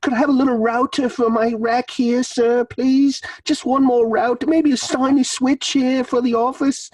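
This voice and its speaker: A pleading English urchin with a high, begging whine, put on by a man in a work call. The voice sits far above his own and sounds a little distant from the mic. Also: fairly even intonation, normal speed, a little mellow, dry recording. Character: pleading poor English servant boy.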